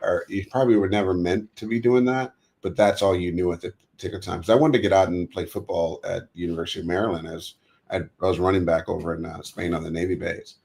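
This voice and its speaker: A man's voice: low-pitched, quick pace, vocal fry. An American man telling stories about his past in an interview, acting out the voices of the people he quotes. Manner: animated storyteller, acts out quoted dialogue. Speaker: guest. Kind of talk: storytelling interview.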